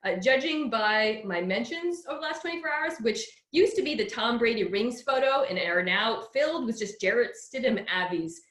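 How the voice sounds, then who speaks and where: Brief: woman sports co-host, animated pitch, slightly high, roomy echoey sound. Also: moderate pace, hardly any pauses. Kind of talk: casual sports talk.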